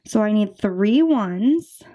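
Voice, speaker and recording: A woman in her twenties, a budgeting vlogger, chatting casually and counting bills aloud in quick runs. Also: mid-range voice, animated, warm tone. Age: 20s. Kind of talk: casual chat while counting cash.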